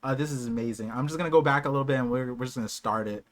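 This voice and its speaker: A young man streaming a live watch party, reacting with excited, emotional outbursts that swing between hushed awe and loud shouts. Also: mid-range voice, racing.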